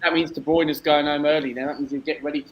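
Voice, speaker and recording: A man's voice: a little high, fairly even intonation, quick pace, muffled recording, crowd noise. A young man, co-hosting a casual football watchalong, blunt and mocking, with swearing. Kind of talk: casual live match reaction chat.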